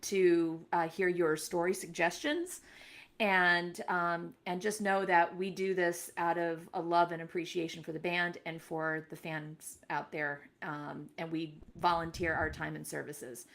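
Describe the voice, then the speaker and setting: A woman co-hosts a fan podcast in a lowish voice with gravelly fry. She talks earnestly and from the heart, filling pauses with ums and uhs. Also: fairly even intonation, a bit bright. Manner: earnest, heartfelt, with many fillers. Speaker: podcast co-host. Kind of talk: casual podcast chat.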